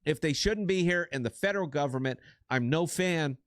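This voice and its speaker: A man's voice: fairly high pitch, fairly quick, no echo, studio quality. A middle-aged man co-hosting a political podcast, giving blunt, profane and emphatic commentary. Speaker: podcast co-host.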